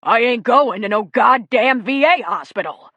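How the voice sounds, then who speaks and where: A woman reading aloud, voicing a gruff, blunt old backwoods man who talks in curt, rough country speech. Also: mid-range voice, animated, moderate pace, fairly bright tone, dry recording, highs cut off.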